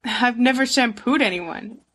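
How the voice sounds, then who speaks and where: A woman's voice: a little high, measured pace, fairly bright tone, slightly rough. A woman voicing an awkward, wry young man who speaks in a dry, mumbling way.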